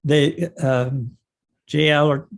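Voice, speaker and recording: An older man, a former cycling coach, telling stories in an interview in a measured way with many pauses and fillers. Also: a little high, flat delivery, creaky. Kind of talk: reminiscing interview answers.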